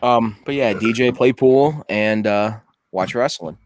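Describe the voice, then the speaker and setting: A man's voice: medium pitch, unhurried, dry recording, clean studio sound. A man guesting on a casual podcast, laid-back and self-deprecating while answering questions. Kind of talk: casual chat.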